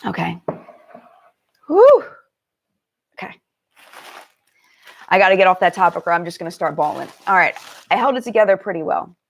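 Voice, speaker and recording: A woman's voice: on the low side, fast, long pauses, dull audio. A woman hosting a casual live-stream chat, greeting viewers one by one and talking about makeup products. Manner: chatty, warm greetings to viewers, many fillers. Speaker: beauty channel host.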